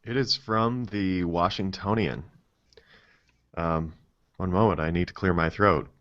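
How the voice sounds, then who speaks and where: A man's voice: low-pitched, a little slow, a bit bright. A man on a tech podcast, chatting casually and teasing his co-host. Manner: joking, teasing banter. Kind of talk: casual chat. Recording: dull, lo-fi podcast audio.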